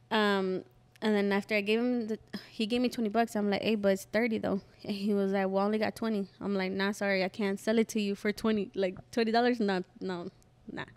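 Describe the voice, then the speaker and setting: A woman's voice: medium pitch, a little mellow. A young woman hosting a podcast, telling a story in casual chat, acting out the quotes and swearing freely. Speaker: podcast host.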